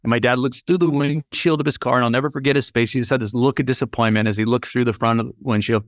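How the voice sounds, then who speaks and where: A man, an auctioneer guest on a podcast, telling a personal story in an animated way and acting out the dialogue. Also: medium pitch, quick pace, no room sound, clean studio sound.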